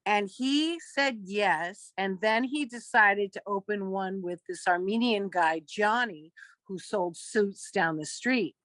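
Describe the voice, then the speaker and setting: In a casual interview, this actress in her fifties spins lively stories, performing each bit of quoted dialogue herself. She speaks slowly in a mid-range voice, and the recording is dry.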